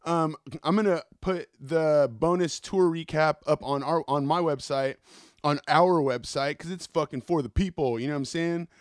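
A man hosts his own podcast, spinning loose, cussing stories in an easygoing monologue. His voice sits a little high. The sound is dry and close, with no room around it. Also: normal speed, dry recording. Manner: profane, rambling storyteller. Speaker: podcast host. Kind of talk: casual solo podcast monologue.

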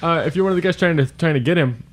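Male podcast co-host, loose rambling delivery, slightly higher register. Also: racing. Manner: rambling, laughs often, trails off mid-sentence. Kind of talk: casual chat.

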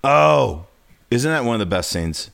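A man's voice: on the low side, expressive, moderate pace, no room sound. A man hosting a casual podcast, telling rambling, profane stories. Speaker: podcast host.

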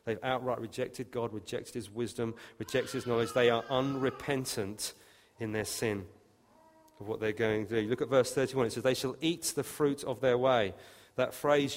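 Guy preaching, emphatic, mid pitch, long echo off the hall. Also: fairly even intonation, normal speed. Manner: emphatic, rising loud on quoted scripture. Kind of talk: sermon.

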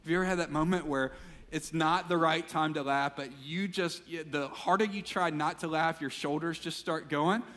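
A man preaching a sermon as pastor, animated when acting out quotes and dropping to a quiet, intense voice for emphasis. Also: a little high, normal speed, big-room sound. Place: church sanctuary.

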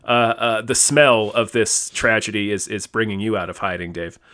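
A man's voice: on the low side, moderate pace, sharp tone. A man co-hosting a comedy podcast, riffing in a playful, absurd way. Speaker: podcast co-host. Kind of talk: improvised comic storytelling.

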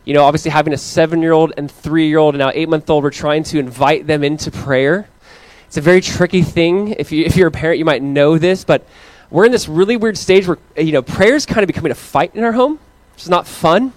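A man in his thirties preaching a casual, story-driven sermon as pastor, animated and playful as he recounts family moments. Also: a little fast, dry recording. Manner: animated storytelling, acting out his kids in high voices. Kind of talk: conversational sermon.

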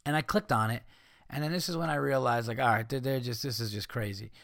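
A man hosting a podcast, ranting casually with heavy swearing and mocking people in put-on high voices. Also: fast talker, vocal fry, a bit bright, dry recording, studio quality. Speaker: podcast host. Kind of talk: casual rant.

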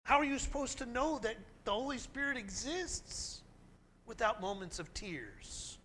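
A man delivering a sermon from the pulpit, his voice high for a man and ringing bright. He preaches earnestly and with emphasis, leaning hard into the scripture he reads aloud. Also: expressive, measured pace, slight background noise. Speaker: pastor.

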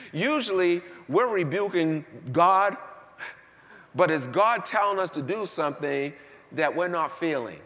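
A man preaching a sermon, swinging between hushed asides and shouted peaks in a church sanctuary. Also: a little high. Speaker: pastor. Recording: long hall reverb.

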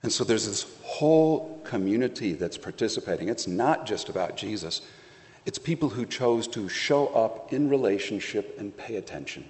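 A pastor preaching a conversational sermon, telling the story playfully with acted asides. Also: male voice, lowish voice, animated, normal speed, a little mellow, long reverb tail.

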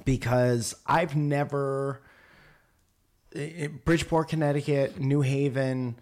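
A man speaks at an ordinary pitch in casual conversation. He drops dry, wisecracking asides as the talk goes on. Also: steady tone, takes it slowly, darkish tone. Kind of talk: casual chat.

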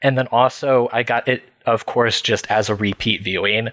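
A man's voice: medium pitch, fairly even intonation, normal speed, fairly bright tone, dry recording. Chatty male podcast guest, dry sound. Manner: chatty, laughs while telling, many fillers. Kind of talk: casual storytelling.

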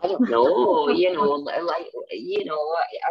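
A woman with a low, husky voice, speaking earnestly as her thoughts ramble and build in passion. The recording is dry and somewhat dull. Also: lively intonation, takes it slowly, few pauses, a little mellow, dry recording. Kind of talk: casual opinionated talk.

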